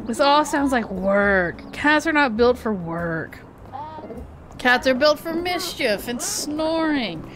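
A woman voicing a lazy, self-important male cat mayor with a low, grand, sleepy manner, reading game dialogue. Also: big pitch swings, takes it slowly, crowd noise, full character voice. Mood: pompous, drowsy.

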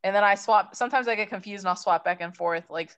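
A woman's voice: mid-range voice, fast, muffled recording. A woman from Maryland, rambling casually with many fillers on a video call. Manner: rambling, hesitant, lots of fillers. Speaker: coaching call participant.

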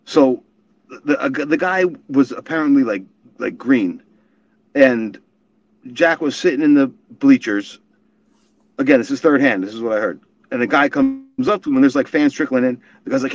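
A man's voice: mid-range voice, fairly quick. A man telling rambling, profane wrestling stories as a guest in a casual chat. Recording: dull lo-fi stream audio.

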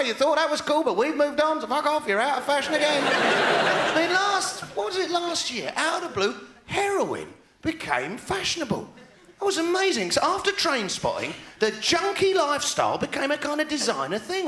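A man's voice: extremely high pitch, sing-song, sharp tone. A man with a southern English accent doing a live stand-up routine, ranting in a sardonic way. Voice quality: ranting, sardonic and fast-talking. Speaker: stand-up comedian. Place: large theater stage. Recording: echoey theater hall.

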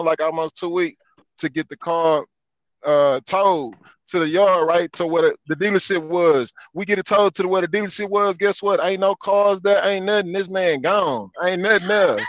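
A man's voice: sits high, normal speed, dry recording. Dry, lo-fi man telling a story. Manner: animated, repeats phrases, laughs through the story. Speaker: guest. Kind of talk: casual storytelling chat. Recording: dull lo-fi sound, dry.

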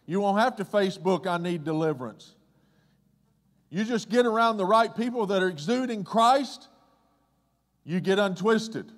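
Pastor, male, high voice, animated conversational sermon, long hall reverb. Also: moderate pace. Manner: conversational preaching, swinging from loud excitement to hushed low tones.

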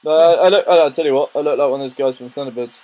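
A man's voice: mid-range voice, rapid-fire, background noise. A man joking crudely with friends and laughing often while filming. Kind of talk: rowdy casual banter.

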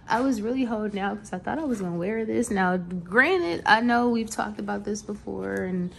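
Sassy woman vlogging, gravelly voice. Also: medium pitch, expressive, normal speed, fairly bright tone. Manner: sassy, playful, salty slang, frequent laughs. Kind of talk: casual chatty vlog. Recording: noisy home recording.

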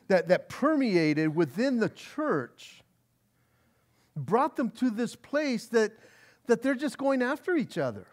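A male pastor preaching a verse-by-verse sermon in an earnest way, often stumbling over and restarting his words, and reading scripture aloud slowly. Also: high-pitched. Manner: earnest, frequent stammered restarts. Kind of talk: expository sermon.

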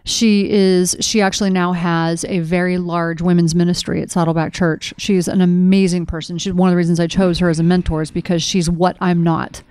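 A woman's voice: fairly low pitch, little pitch movement, a little fast, few pauses, a little mellow, clean tone, dry recording. A middle-aged woman co-hosting a podcast in casual conversation, telling stories with animation and acting out quoted dialogue. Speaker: podcast co-host.

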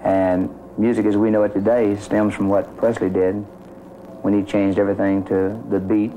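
A man's voice: lowish voice, level tone, moderate pace, phone-quality sound, slight background noise. A man, a guest, speaking firmly and declaratively.

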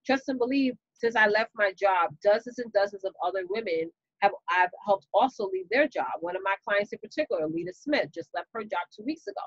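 A woman with a New York accent, hosting a casual live stream and telling a story to her viewers in a lively, chatty way, calling them y'all. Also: medium pitch, a little fast, hardly any pauses, dry recording, muffled recording. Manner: animated, chatty, talks straight to viewers with y'all and you know. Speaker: business coach and live-stream host.

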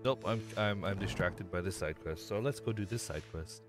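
A man's voice: sits low, normal speed, over music. A man doing let's-play commentary, rambling and self-deprecating as he chats to himself while playing. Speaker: gamer.

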